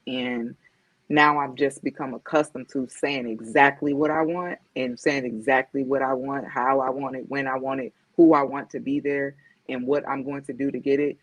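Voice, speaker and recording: A very deep-voiced woman, a guest author and motivational speaker, reflects candidly on a podcast. She addresses things directly and acts out the voices she quotes. There's no echo, and the audio sounds dull, lo-fi and dry.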